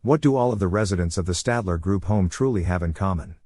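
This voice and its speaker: Deep, dry-sounding male announcer. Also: fast, mellow, dry recording. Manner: ominous. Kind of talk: dramatic trailer-style intro.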